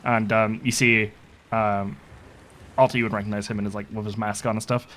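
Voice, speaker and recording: A man's voice: lowish voice, flat delivery, brisk, fairly bright tone, slight background noise. A man narrating as dungeon master in a casual, rambling way, full of fillers.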